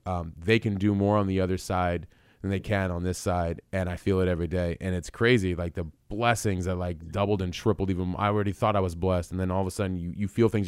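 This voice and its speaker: A man with a very low, smooth voice hosts a podcast interview. He talks quickly and earnestly. The sound is dry, with no room echo. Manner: fast, earnest, encouraging. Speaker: podcast host. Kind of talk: conversational interview.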